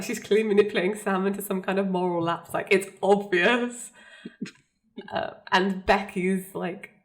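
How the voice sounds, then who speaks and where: A woman co-hosting a podcast, chatting casually as she recaps a TV episode and quotes the characters. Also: mid-range voice. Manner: chatty, frequent fillers and laughter, quotes characters. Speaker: podcast co-host.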